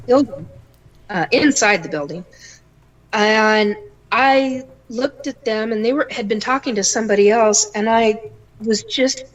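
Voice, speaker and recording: A middle-aged woman, a guest on a talk show, tells her stories in a lively, animated way and acts out the voices of the people in them. Her voice sits fairly high. She takes her time and lets the words come slowly. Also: muffled recording. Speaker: psychic guest. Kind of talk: casual storytelling interview.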